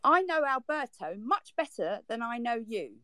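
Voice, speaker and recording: A woman's voice: on the high side, big pitch swings, normal speed, sharp tone, no room sound. A woman in a heated online group argument, exasperated and defensive, her voice leaping up when she is upset. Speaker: participant in a social audio chat.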